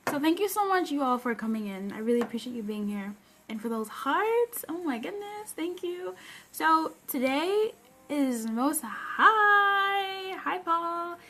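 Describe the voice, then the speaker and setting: High-voiced woman coach on a livestream. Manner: upbeat, greets viewers mid-sentence, bursts of excitement. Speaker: personal development coach hosting a livestream. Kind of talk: live-stream chat greeting viewers.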